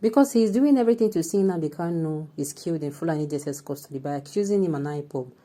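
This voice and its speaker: A woman with a Nigerian accent and a somewhat low voice presents news commentary. She reads steadily, then slips into a looser, chattier manner as she reads out viewers' comments. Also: animated, fast, mellow.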